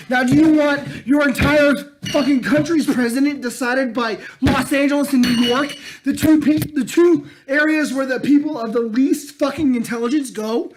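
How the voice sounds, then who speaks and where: A man co-hosting a podcast in casual chat, ranting loudly with lots of swearing. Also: extremely high pitch, normal speed, few pauses, background noise. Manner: profane, ranting, loud. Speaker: podcast co-host.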